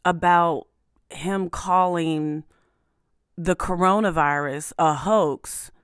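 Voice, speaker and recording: A woman's voice: on the low side, slow pace, clean tone, no room sound, studio quality. A woman hosting a show, talking through the news in a casual, emphatic way with many fillers and restarts. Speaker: podcast host. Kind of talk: casual commentary monologue.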